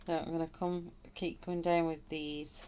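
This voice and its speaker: A woman's voice: sits low, little pitch movement, normal speed, dark tone, clear, resonant tone, lo-fi sound. A woman hosting a live colouring tutorial, thinking aloud as she works and greeting viewers in the chat with frequent laughs. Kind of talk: live colouring demonstration, chatty.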